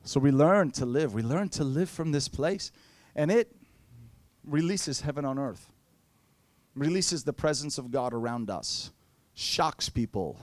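A man's voice: medium pitch, dry recording. A man preaching a sermon, telling playful stories and acting out quotes. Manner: playful storytelling with acted-out quotes.

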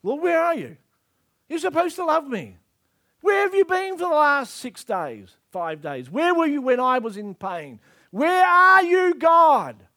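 A man's voice: a little high, takes it slowly, hardly any pauses, no echo, clean studio sound, voice pushed down. A preacher voicing a grieving woman who pleads with God and blames him for her pain. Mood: anguished pleading. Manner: pleading, accusing questions.

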